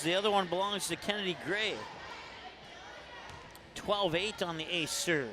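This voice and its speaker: A man with an Upper Midwest American accent doing play-by-play commentary on a high school volleyball match in a gym, calling plays fast and shouting on big points. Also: steady tone. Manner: rapid calls that rise to shouts on big plays. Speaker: play-by-play announcer. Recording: noisy gym broadcast.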